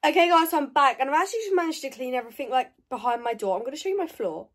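A woman's voice: high-pitched, animated, very fast. A young woman talking casually to camera as she tidies her bedroom, rambling and correcting herself as she goes. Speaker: vlogger.

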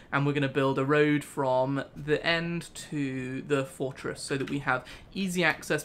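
A man's voice: a little high, a bit bright. Chatty British man rambling over gameplay. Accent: British English. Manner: rambling, chatty storytelling with frequent laughs. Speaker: gaming channel host. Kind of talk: casual let's play chat.

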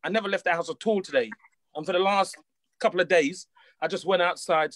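A man's voice: high voice, a little fast, fairly bright tone, no echo. Easygoing man with a Caribbean accent. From West Indies. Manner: easygoing, jokey, repeats himself. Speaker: guest. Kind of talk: casual chat.

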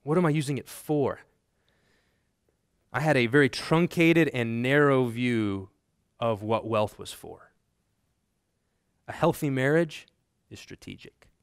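A man's voice: medium pitch, gravelly, fairly bright tone, clear, resonant tone, dry recording. Guy from texas teaching a seminary class, chatty lecture, lots of ums and restarts, dry close sound. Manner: conversational, many restarts and ums, builds to emphatic lists. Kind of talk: classroom lecture with personal anecdotes.

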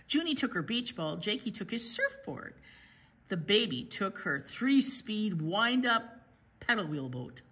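A woman's voice: mid-range voice, big pitch swings, measured pace, sharp tone, slightly rough. A woman hosting a library storytime, reading a picture book aloud to children with playful sound effects.

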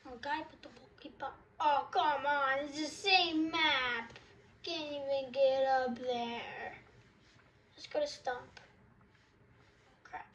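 A young woman with a high, girlish voice talks through a video game she is playing. She takes her time between remarks, giggles often and reacts out loud to whatever happens on screen. A faint hiss of noise sits under her voice. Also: fairly even intonation, slow, long pauses, highs cut off. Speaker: gaming video creator. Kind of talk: casual gaming commentary.

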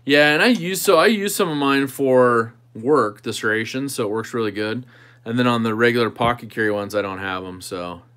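A man's voice: medium pitch, normal speed, a bit bright, smooth. A man hosting a knife channel livestream, chatting casually with viewers and thinking aloud while he tinkers with a knife.

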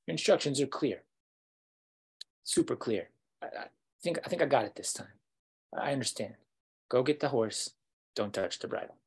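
A man voicing an earnest adolescent prince, soft-spoken and meek, with a husky voice. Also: mid-range voice, animated, normal speed, pauses often, pitched above the performer's own voice. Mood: eager.

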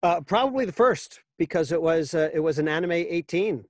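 A man's voice: on the high side, animated, a little fast, no echo, studio quality. A middle-aged man, a voice actor, chatting as an interview guest in a wry, joking, anecdotal way. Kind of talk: casual interview.

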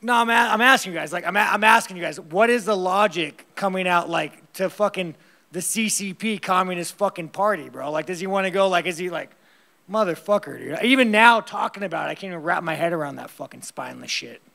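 A fighter answering press conference questions in a blunt, rambling, heavily profane way, laughing often. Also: male voice, sits high, a little fast, gravelly, bright, forceful tone.

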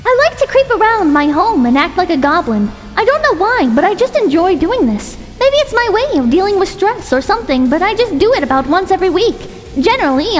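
A woman streamer reading viewer messages aloud in casual, joking chat, swearing freely. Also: extremely high pitch. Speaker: virtual streamer.

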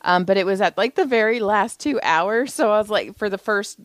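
A woman co-hosting a casual chat, animated and swearing freely as she acts out what people said. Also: mid-range voice, a little fast, no room sound. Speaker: podcast co-host.

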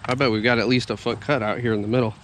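A man's voice: mid-range voice, flat delivery, racing, background noise. A man who runs heavy equipment, talking casually as he walks a building site, grumbling and explaining his work step by step. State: chewing a little. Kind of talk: casual walk-and-talk vlog.

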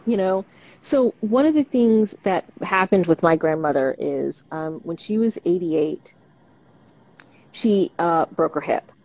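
Husky-voiced woman doctor, frank and animated. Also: lowish voice, a little slow. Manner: frank, animated storyteller with many tag questions. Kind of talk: casual conversation on a live stream. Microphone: video call. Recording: dull lo-fi live stream audio.

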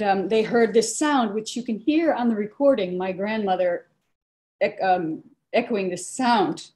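A woman sharing a personal family story on a video call in a soft-spoken, hesitant way. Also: mid-range voice. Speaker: call participant.

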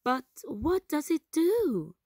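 A woman voicing a proud, cheerful young princess in a children's storybook reading, enthusiastic and lively. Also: high-pitched, takes it slowly, dry recording, studio quality, voice pushed up, full character voice.

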